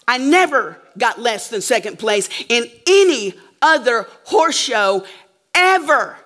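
A woman's voice: a little high, bright, forceful tone. A woman preacher telling a story in a sermon to a live audience, emphatic and checking in with her listeners often.

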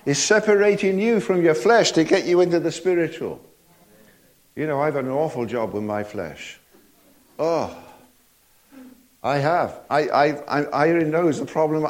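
Older man, folksy sermon, fairly high voice, laughs between lines. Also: measured pace. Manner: folksy, chuckling, repeated tag questions. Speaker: preacher.

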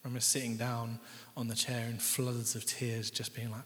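A young man with a mid-range, slightly bright voice gives a candid, conversational personal testimony as a guest speaker in a church, quoting other people's words. His pitch moves little, his pace is moderate, and a long hall reverb surrounds him.

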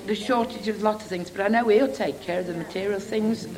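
A woman of ordinary middle pitch speaks up from a congregation to confess her failings. Her speech is earnest and halting, and she repeats words as she searches for them. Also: a little mellow, rough recording.

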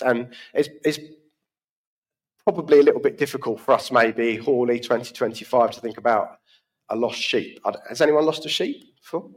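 Chatty preacher. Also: male voice, medium pitch. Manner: conversational, asks the congregation rhetorical questions. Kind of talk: sermon.

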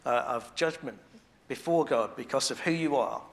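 A man preaching a sermon in a conversational way, restarting phrases as he thinks aloud and growing quiet and intimate on devotional points. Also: medium pitch, moderate pace.

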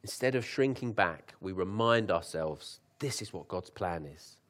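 A young man preaching in a loose, conversational way, with a fairly low voice. He breaks into jokes, then slows right down and lifts his voice to read scripture. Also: animated, a bit bright. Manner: conversational, laughs at his own asides; reads scripture slowly with lifted emphasis. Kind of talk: sermon.

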